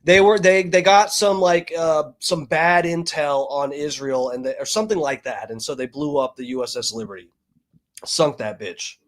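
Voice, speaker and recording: A man's voice: a little high, moderate pace. A man streaming casual commentary over videos, rambling and profane, with many fillers.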